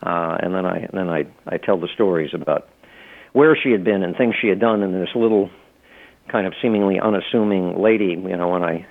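A man's voice: low-pitched, a little fast. A middle-aged man, an author and law professor, chatting as an interview guest, rambling with many restarts and fillers. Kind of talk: casual interview talk. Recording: tinny phone-line audio.

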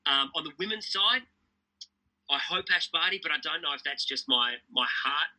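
A man's voice: a little high, animated, sharp tone, poor audio. A middle-aged Australian man, a tennis commentator, chatting as a guest with enthusiastic, stop-start storytelling. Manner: enthusiastic, fast storytelling with repeated restarts. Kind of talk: casual interview chat.

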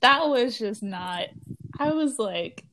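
A woman's voice: on the high side, slow pace, a little hiss or hum. A young woman in her twenties co-hosting a podcast, chatting casually with lots of laughter, fillers and restarts. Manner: animated, laughs often, many fillers and restarts. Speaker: podcast co-host. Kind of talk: casual chat.

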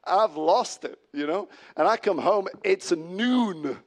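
Preaching with a high voice and a slow delivery, this middle-aged man leads his congregation as pastor. His sermon lurches from loud exclamations to quiet asides, with many false starts along the way.

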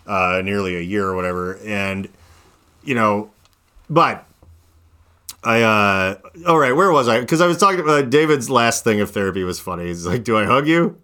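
Male podcast host, 30s, lowish voice, loose rambling storyteller full of fillers. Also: moderate pace, sharp tone, smooth. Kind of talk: casual chat.

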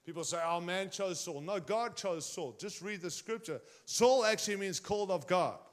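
A man's voice: high-pitched, normal speed. A man preaching a sermon in a conversational way, often turning to the congregation with direct questions.

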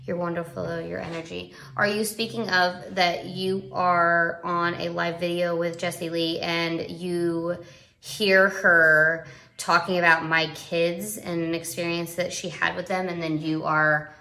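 A young parenting vlogger speaks at a measured pace with a flat, sharp delivery, a fairly low pitch, and vocal fry. In a casual live video chat with a roomy echo, she talks earnestly about parenting, rambling and restarting amid plenty of fillers.

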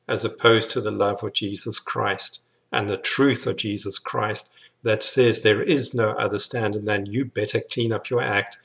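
A man's voice: fairly low pitch, gravelly, fairly bright tone. A man preaching a sermon in an earnest, emphatic way, often repeating words for weight. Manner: earnest, repetitive emphatic phrasing.

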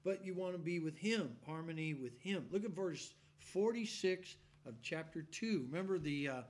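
High voiced preacher guy, animated folksy sermon, chuckles a lot, acts out people hollering amen. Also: moderate pace. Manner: animated storytelling, acts out shouting congregation; folksy, laughs often.

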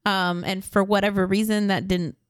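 Chatty woman telling animated stories. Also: medium pitch, normal speed, smooth, dry recording, clean studio sound. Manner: animated storytelling, mimics voices, laughs often. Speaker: podcast co-host. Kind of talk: casual chat.

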